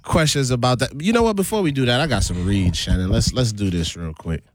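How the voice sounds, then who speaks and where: A man's voice: mid-range voice, animated, fairly quick, crowd noise. A male radio host in casual chat who keeps slipping into a put-on West Indian accent and laughs often.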